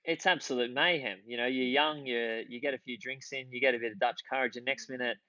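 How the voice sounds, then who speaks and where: Over crowd noise and dull audio, an Australian man in his thirties talks fast in a mid-range voice with fairly even intonation. He's a former footballer appearing as a podcast guest, chatting loosely and telling meandering stories that keep restarting.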